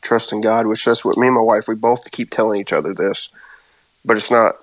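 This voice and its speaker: A man in his thirties in a casual faith chat, speaking haltingly and openly about his worries, anxious. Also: lowish voice, fairly even intonation, no room sound, rough recording. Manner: halting, open about worry. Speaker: co-host.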